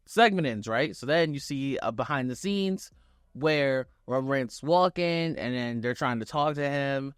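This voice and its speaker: Excited young man recapping wrestling. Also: medium pitch, moderate pace, clean tone, no room sound, clean studio sound. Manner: excited, animated, acts out quotes with swearing. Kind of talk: casual show recap.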